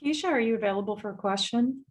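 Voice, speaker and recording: A woman's voice: a little high, quick pace. A woman in the audience asking a question during an online Q&A, friendly and hesitant in her phrasing. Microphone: video call.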